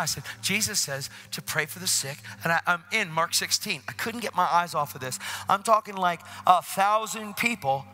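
A man preaching an energetic sermon in a church, telling a story and acting out both sides of the conversations, with sudden excited shouts. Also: sits high.

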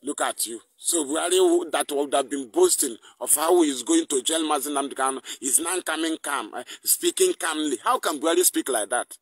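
A man's voice: fairly high pitch, brisk, few pauses, no room sound. A man with a Nigerian accent hosting a live online broadcast, mixing English with Igbo and firing off angry, mocking rhetorical questions. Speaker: activist broadcaster.

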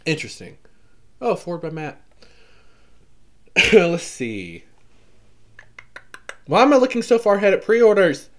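A man with a medium-pitched voice and a softened Southern US accent chats casually on his vlog, browsing a book catalog and reading blurbs aloud. He's animated, exclaiming often and skimming the text with filler words, and he coughs now and then from allergies.

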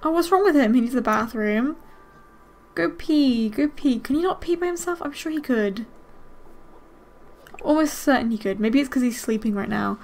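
This is a young woman with a high, bright-sitting voice narrating her game session. She chats casually, wonders aloud about what is happening on screen and breaks into excited gasps. Her delivery stays lively and unscripted. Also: moderate pace, long pauses. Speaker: gaming host. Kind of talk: casual let's-play commentary.

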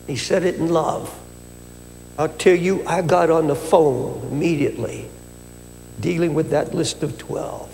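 A man's voice: fairly high pitch, fairly even intonation, a little slow, vocal fry, a little mellow. An older man in his seventies preaching a sermon at a conference, telling a personal story in an earnest way, stammering and restarting at times. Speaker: pastor. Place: large conference hall. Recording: echoey hall with faint hum.

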